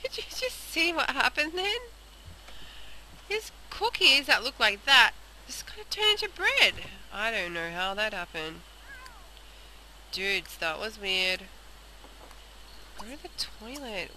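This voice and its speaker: A woman's voice: on the high side, big pitch swings, slow pace, pauses often, pushed and bright. A young woman casually commenting on a video game, chatting aloud and talking to the characters. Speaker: let's play host. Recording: noisy home recording.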